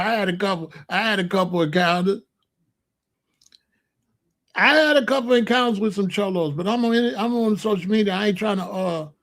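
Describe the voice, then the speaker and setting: A man delivering heated, confrontational stream commentary in blunt street slang. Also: high-pitched.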